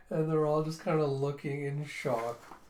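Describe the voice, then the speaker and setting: A man's voice: on the high side, a little mellow. A young man casually reading through and retelling a comic volume, chatty and loose, narrating scenes with "he's like". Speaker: comic reviewer. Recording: roomy echo.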